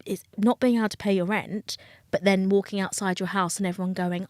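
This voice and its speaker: A woman's voice: medium pitch, fairly quick, few pauses, no room sound. A middle-aged British woman, a dating coach, speaking frankly and emotionally in an interview, acting out other people's voices. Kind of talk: candid interview talk.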